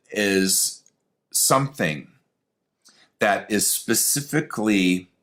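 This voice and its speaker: A man giving a spoken lesson on intuition, animated and conversational, talking straight to the listener. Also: low voice. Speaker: spiritual teacher. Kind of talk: teaching lesson.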